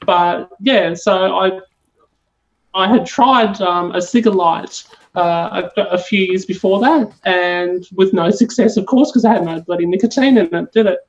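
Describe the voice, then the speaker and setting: An Australian woman chats as a podcast guest, rambling and restarting her sentences with plenty of fillers. Her pitch sits in a middle range. The audio is dull and lo-fi. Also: unhurried. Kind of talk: casual chat.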